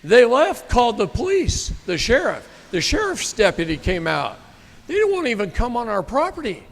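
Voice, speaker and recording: A man's voice: very high voice, wildly swooping pitch, moderate pace, vocal fry, a little hiss or hum. Blunt folksy man in a reverberant hall. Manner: blunt, folksy, emphatic, occasional cursing. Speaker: speaker at a live event. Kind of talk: storytelling to a live audience. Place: meeting room with an audience.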